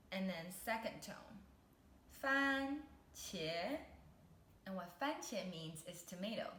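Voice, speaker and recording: A woman's voice: medium pitch, a little hiss or hum. Chatty woman cooking host in echoey kitchen. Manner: chatty and instructive, drawing out words to model tones. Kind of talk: cooking video and language lesson. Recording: echoey room with faint ambience.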